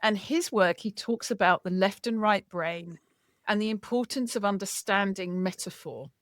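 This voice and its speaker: A woman author being interviewed, talking in a lively, chatty storytelling way. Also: medium pitch, moderate pace, dry recording, studio quality. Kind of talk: casual chat.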